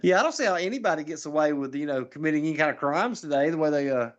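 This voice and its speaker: Fast-talking man telling rambling stories. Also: a little high, lively intonation, highs cut off. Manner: rambling storyteller, laughs at own stories, restarts often. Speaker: political candidate guest. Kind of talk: casual podcast chat.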